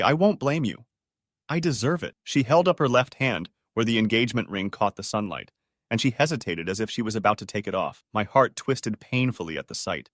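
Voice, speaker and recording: A man's voice: lowish voice, no echo, studio quality. A man narrating a dramatic first-person story in a scripted, emotional read.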